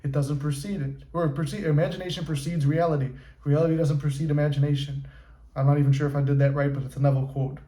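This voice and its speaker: A man talking through manifestation in a loose, casual monologue, swearing freely and staying animated. His voice sits a bit high but mellow and soft-edged. The sound carries the ring of an echoey room. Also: quick pace. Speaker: manifestation coach.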